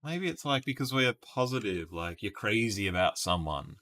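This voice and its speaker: A man's voice: fairly low pitch, animated, normal speed, bright, forceful tone. An Australian man in casual live-stream chat, playfully musing through guesses and laughing often with his viewers. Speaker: streamer solving word puzzles live.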